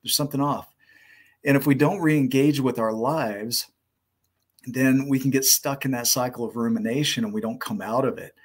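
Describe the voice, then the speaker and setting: A man giving a calm, reflective motivational talk, repeating key phrases. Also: medium pitch, moderate pace. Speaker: motivational speaker and storyteller. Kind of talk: motivational talk with told story.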